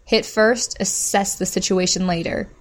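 A woman narrates a story aloud at a steady, measured pace. Her voice sits at an ordinary middle pitch for a woman. She reads the action plainly and evenly. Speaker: audiobook narrator. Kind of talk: scripted narration.

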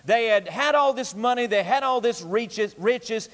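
A man's voice: very high voice, lively intonation, unhurried, long reverb tail. A male pastor preaching an evening sermon in an emphatic, repetitive preaching cadence, recorded in a church sanctuary.

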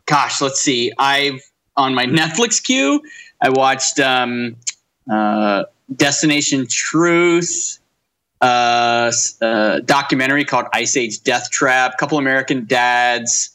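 A man's voice: medium pitch, sharp tone. A man co-hosting a podcast in casual chat, easygoing and amused. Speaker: podcast co-host.

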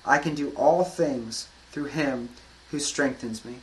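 A man preaching a sermon, earnest, rising to emphatic declarations and dropping to soft, calm passages. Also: mid-range voice, slow pace, rough recording. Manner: earnest, building to emphatic declarations then softening. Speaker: pastor.

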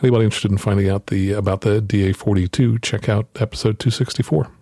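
Low-voiced man explaining plainly. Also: fairly even intonation, fast, mellow, no echo, clean studio sound. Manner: explanatory, many fillers. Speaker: flight instructor. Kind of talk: casual interview answers.

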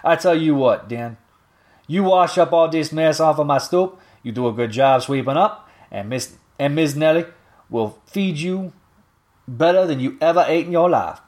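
A man's voice: animated, moderate pace, darkish tone, natural voice. A man voicing a kind but fierce older woman shopkeeper, reading her lines in a raised voice with a Southern dialect. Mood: coaxing. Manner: raised pitch, folksy dialect delivery.

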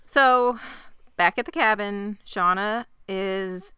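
Woman, podcast co-host, casual narration, crisp, bright, dry sound. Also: mid-range voice, takes it slowly, no echo. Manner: lively, swearing narration with wry asides. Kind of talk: casual chat.

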